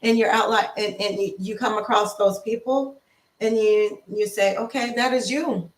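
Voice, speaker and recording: A woman life coach giving a casual motivational talk, slow and repetitive in an affirming way. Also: medium pitch, steady tone, roomy sound, far from the mic. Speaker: lifestyle coach.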